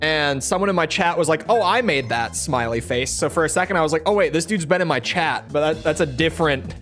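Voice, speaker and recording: A man's voice: on the high side, expressive, brisk, a bit bright, soft background music. A young man streaming a video game, chatting casually and picking apart the mission text with sarcastic asides. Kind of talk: casual gameplay commentary.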